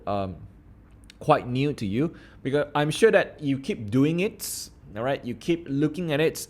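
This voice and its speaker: A man giving a law lecture to a class, asking many rhetorical questions. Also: medium pitch. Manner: animated, asks rhetorical questions.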